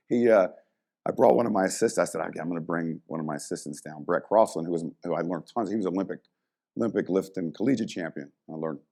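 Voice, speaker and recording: Deep-voiced man telling animated stories. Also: creaky. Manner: animated storyteller, acts out quoted voices. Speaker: guest, former college strength coach. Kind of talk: storytelling in a casual interview.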